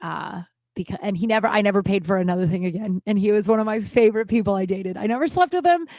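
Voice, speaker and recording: A woman's voice: mid-range voice, steady tone, quick pace, darkish tone, no echo. Rambling woman telling a comedy story. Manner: rambling, self-deprecating, lots of fillers and asides. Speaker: podcast host, comedian. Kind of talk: casual storytelling monologue.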